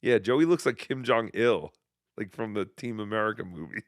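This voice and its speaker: A man's voice: lowish voice, animated, normal speed, dry recording, clean studio sound. A male podcast host giving mocking, sarcastic commentary on clips.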